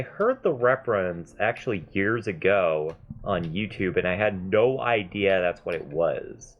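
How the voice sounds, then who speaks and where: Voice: low-pitched, lively intonation, unhurried, few pauses. A gamer in their mid twenties giving chatty, self-mocking gameplay commentary and swearing freely. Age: mid 20s. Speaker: gaming video host.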